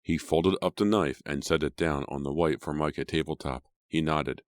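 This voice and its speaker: Very deep-voiced male audiobook narrator. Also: fairly even intonation, dry recording, studio quality. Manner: measured storytelling. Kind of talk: scripted narration.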